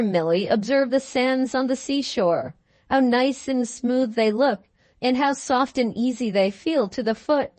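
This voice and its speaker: A woman's voice: high-pitched, a little mellow, no echo. A woman doing a jovial blustering husband. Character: bluff hearty young husband, boastful, teasing. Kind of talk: storybook dialogue.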